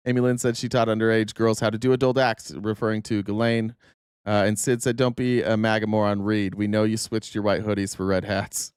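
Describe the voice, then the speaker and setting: A man's voice: lowish voice, little pitch movement, fairly quick, a little mellow, clear, resonant tone, dry recording, studio quality. A man hosting a live political talk stream, reading out viewer comments in a blunt, casual way and swearing freely. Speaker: political talk show host.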